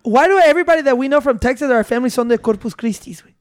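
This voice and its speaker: A man in casual banter, loud and joking, swearing and switching into Spanish. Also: extremely high pitch, very fast, smooth, no room sound, clean studio sound.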